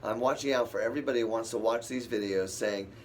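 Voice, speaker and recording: A man leads a casual Bible study, rambling and thinking aloud as he reads verses and talks back to them. He has a medium-pitched voice and speaks fast, with a little hiss or hum in the recording.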